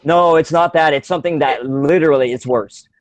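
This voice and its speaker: A man's voice: on the high side, brisk, no echo. A man co-hosting a casual podcast, rambling with many fillers and restarts and laughing often. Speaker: podcast co-host.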